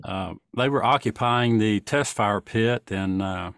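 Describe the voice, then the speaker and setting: A man hosting an interview, calmly affirming his guest and prompting the next story. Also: fairly low pitch, measured pace, clean tone, no room sound, clean studio sound. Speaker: interview host. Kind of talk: interview questions.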